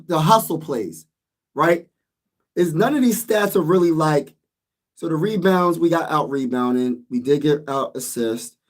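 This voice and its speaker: A man vlogging about a basketball loss in a casual, exasperated rant, repeating himself and speaking. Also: on the high side. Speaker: sports vlogger.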